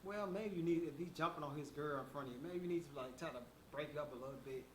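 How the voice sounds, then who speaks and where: A man's voice: fairly high pitch, fast talker, a little hiss or hum. A man giving a motivational monologue, talking emphatically and preaching straight to his listeners. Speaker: motivational speaker. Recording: echoey room with faint background ambience.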